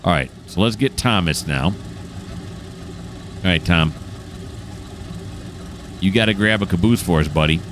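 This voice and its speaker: A man's voice: low-pitched, measured pace, pauses often. A man casually commenting on a train simulator game as he plays, thinking aloud in a chatty, self-mocking way. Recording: game engine noise behind the voice.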